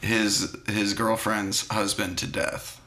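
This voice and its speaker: A man's voice: fairly low pitch, slow. A man co-hosting a podcast, chatting casually and animatedly about a film in slangy talk. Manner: animated, slangy, acts out movie lines. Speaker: podcast co-host. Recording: echoey room.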